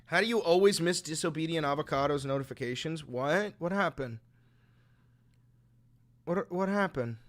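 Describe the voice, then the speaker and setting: A young man from New York hosting a political livestream, talking in a profane, sarcastic, animated way. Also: a little high, normal speed, long pauses. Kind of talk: casual livestream commentary.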